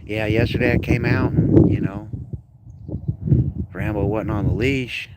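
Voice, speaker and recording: A man's voice: on the low side, steady tone, measured pace, heavy background noise. A man, ranting on a casual livestream outdoors, heated, profane and rambling while grieving his dog. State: grieving, upset.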